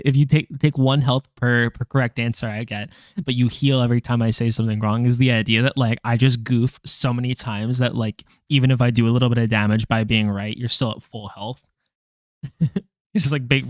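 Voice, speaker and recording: This is a language learner vlogger, a young man casually talking to himself over flashcards while sounding out syllables and joking about his mistakes to viewers. His mid-range voice is clean and a little mellow. The recording is dry and studio-clean.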